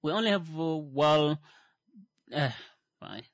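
A man's voice: fairly high pitch, lively intonation, slow, no room sound. Rambling man hosting a music show, dry sound. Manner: rambling, self-correcting, jokey. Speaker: radio show host playing songs. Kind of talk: casual chat between songs.

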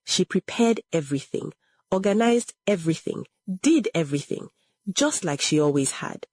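A woman narrating a scripted story in a dramatic, measured way. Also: on the low side, lively intonation, darkish tone, slightly rough, no echo.

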